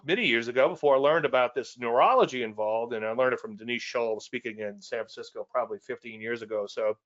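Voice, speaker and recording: A man's voice: medium pitch, a bit bright, highs cut off. Folksy Cajun man presenting to traders. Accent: Cajun Louisiana. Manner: repetitive, folksy, self-deprecating asides. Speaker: trading educator presenting.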